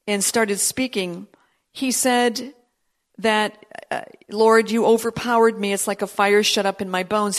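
A woman preaching a sermon to her congregation, earnest and emphatic, with frequent restarts as she reads from her notes. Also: mid-range voice. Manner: earnest, emphatic preaching with rising intensity on quoted prophecy. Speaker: pastor.

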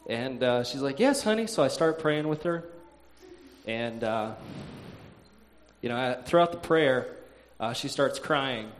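A man telling a personal faith story in a halting way, with frequent "uh"s, sighs and restarts. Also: medium pitch.

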